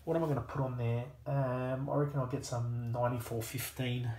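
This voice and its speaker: An Australian man keeps up a relaxed, self-deprecating running commentary as he works, often talking to himself. His voice sits at an ordinary middle pitch. The room is noticeably echoey, with a faint hum underneath. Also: fairly quick. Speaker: hobbyist watchmaker. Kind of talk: casual running commentary while working.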